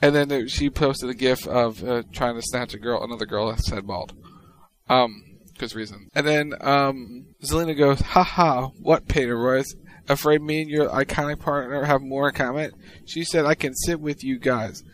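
A man co-hosting a podcast, reading out tweets in casual chat with a wry, deadpan delivery. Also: mid-range voice, normal speed, rough recording. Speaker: podcast co-host.

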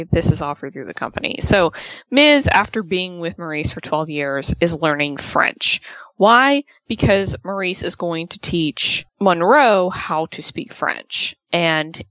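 A woman's voice: fairly low pitch, fairly bright tone, no echo. Woman co-host, casual and chatty, retells scenes in quoted voices. Dry, slightly dull audio. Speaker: podcast co-host. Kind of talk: casual recap chat.

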